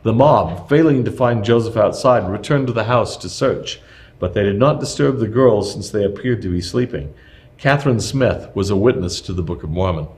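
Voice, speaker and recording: Male narrator, lowish register, steady measured read of a nonfiction history text.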